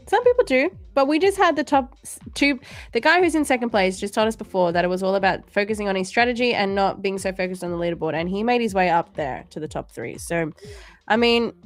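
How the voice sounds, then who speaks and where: A woman hosting a casual livestream, reading out chat comments in a playful, jokey way and laughing often. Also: mid-range voice. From Australia. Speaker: livestream host.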